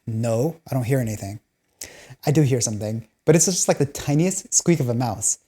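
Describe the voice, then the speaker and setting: A woman's voice: very deep voice, lively intonation, brisk, warm tone, slightly rough. A woman hosting a video, explaining personality types through laid-back, jokey stories and laughing between lines. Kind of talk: casual storytelling monologue.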